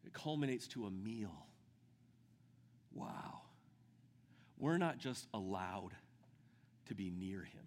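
A man preaching a sermon with great enthusiasm, dropping to a hush and then building to shouts. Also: on the low side, expressive, measured pace, big-room sound, slight background noise. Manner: enthusiastic, swings from hushed to shouting. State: out of breath. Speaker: pastor.

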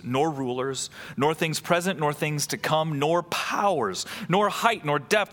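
A man's voice: fairly high pitch, a bit bright, long reverb tail. A man preaching a sermon, reading scripture and then explaining it with emphatic rises and drops.

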